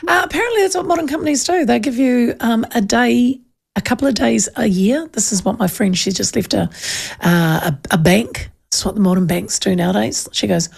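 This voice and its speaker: A woman hosts talkback radio in a chatty, emphatic way, often agreeing with the caller. Her voice sits fairly high, with a gravelly, creaky edge. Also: a little fast, a little mellow. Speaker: talk radio host. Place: radio studio.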